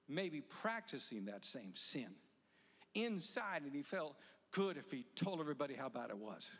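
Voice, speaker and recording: Middle-aged male pastor with a high voice, preaching emphatically in a big sanctuary. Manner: emphatic preaching, building to loud exhortation. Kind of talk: sermon. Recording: long church hall reverb.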